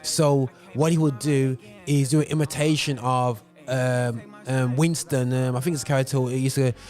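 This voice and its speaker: A man's voice: mid-range voice, steady tone, moderate pace, darkish tone, soft background music. A male radio presenter giving casual spoken commentary, talking loosely with many fillers and digressions.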